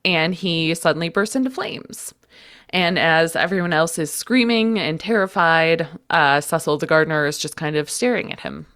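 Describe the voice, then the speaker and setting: A woman's voice: low voice, lively intonation, moderate pace, a bit bright. A woman co-hosting a podcast in casual chat, a little congested, reacting with enthusiastic gasps and exclamations. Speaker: podcast co-host.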